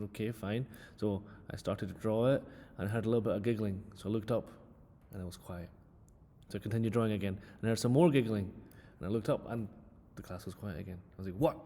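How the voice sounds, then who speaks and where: A man's voice: lowish voice, brisk, dark tone, long reverb tail. A man who is a physics teacher, telling a casual story and mockingly judging drawings. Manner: playful mock-outraged teasing.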